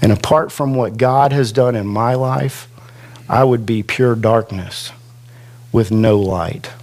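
Male pastor, unhurried conversational preacher, leans on quoted verses. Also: mid-range voice, darkish tone. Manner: slow, conversational preaching with self-deprecating asides; drags out quoted scripture for emphasis. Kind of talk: sermon. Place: church classroom.

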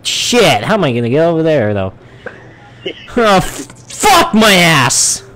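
Excitable swearing gamer man, wildly swooping pitch. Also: unhurried, noisy background. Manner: excitable, swearing, yelps and laughs at the game. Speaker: streamer. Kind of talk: live gameplay commentary.

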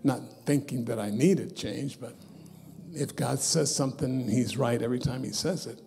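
A man preaching a sermon in a church as a bishop, telling a personal story and swinging from loud bursts down to soft, hushed asides. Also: medium pitch, normal speed, gravelly, soft background music. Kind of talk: sermon testimony. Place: church sanctuary.

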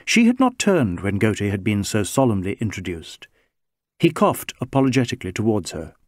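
A man reading a novel aloud as narrator, in a measured, expressive manner. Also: fairly low pitch, no room sound, studio quality. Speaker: audiobook narrator. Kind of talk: scripted narration.

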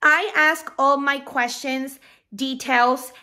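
A woman's voice: high-pitched, steady tone, takes it slowly, sharp tone. A young woman who runs a balloon decorating business, telling a casual storytime straight to her viewers in a chatty way.

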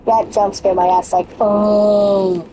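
Woman gamer, slow drawl, profane self-talk, noisy background. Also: mid-range voice, level tone. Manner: profane, joking, talks to herself. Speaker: gamer streaming a horror game. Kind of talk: casual let's-play commentary.

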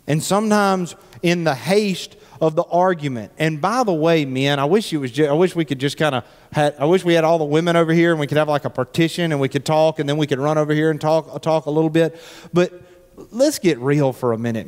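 In an echoey church sanctuary, a male pastor delivers a sermon in a chatty, joking style, repeating words as he restarts. His voice is a little high and a bit mellow, and he speaks briskly.

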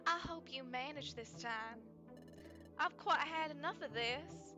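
A woman's voice: sits high, a little slow, muffled recording, over music. A woman voicing a tiny, prissy female time-travel fairy in a put-on Southern drawl, fussy and easily offended. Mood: prim. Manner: prim, fussy, giggly.

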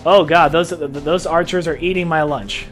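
A man hosting a let's-play video, excitable and profane, often laughing and shouting at the game. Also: fairly high pitch, moderate pace, faint music behind. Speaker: gaming video host.

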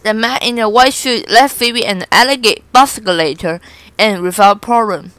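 A woman reading a children's picture book aloud in a slow, careful manner. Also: on the high side, a bit bright, no echo, low-quality recording. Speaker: storybook reader.

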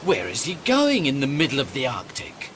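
An actor playing a calm, careful ship captain in an audio drama, asking measured questions. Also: male voice, mid-range voice, noisy background. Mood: steady. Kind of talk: radio drama acting.

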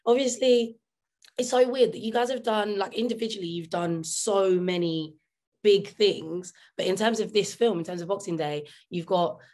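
A woman interviewer with a hoarse, fading voice, asking long rambling questions over a video call with a giggly manner. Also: mid-range voice, normal speed, darkish tone. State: hoarse, losing her voice.

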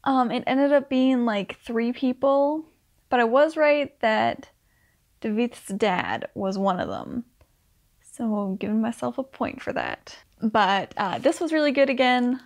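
A young woman talks through a book in a loose, rambling vlog, her voice sitting a little high. She fills her sentences with "like" and slips into quick acted-out asides for the characters. It sounds like an unscripted chat at home. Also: expressive, a little mellow. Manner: chatty, full of "like", acts out characters in quick asides. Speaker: book vlogger. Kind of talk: casual rambling book review. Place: indoors at home.

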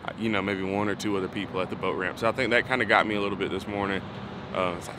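A young fishing vlogger talks casually to camera outdoors on a lake, rambling and thinking aloud with lots of fillers. His deep voice holds a steady tone even as he races along. The recording is noisy, with vehicles passing by.

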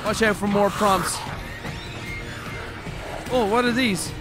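Irish male streamer, high animated voice, game music behind. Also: slow pace. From Ireland. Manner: swearing, mocking, jumps into loud impressions. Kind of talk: casual live-stream gameplay commentary.

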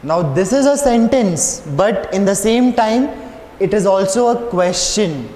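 A man's voice: sits high, lively intonation, unhurried, dark tone. A male schoolteacher, giving a patient classroom lesson in front of a board and checking if the class understands. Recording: roomy echo with long reverb, faint hiss.

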